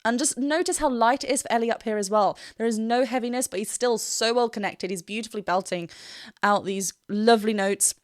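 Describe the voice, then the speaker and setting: A woman's voice: a little high, a little fast, dry recording, clean studio sound. A woman vocal coach giving an enthusiastic analysis in a reaction video, often laughing and breaking into short sung demonstrations. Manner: laughs often while explaining.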